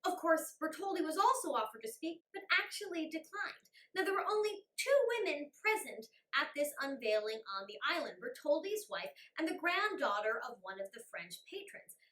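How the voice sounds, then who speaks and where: A woman hosting a casual storytelling show over cocktails, animated and irreverent. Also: high-pitched, normal speed, few pauses. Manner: animated and irreverent, acting out characters with swearing. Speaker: host. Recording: echoey room, a bit far from the mic.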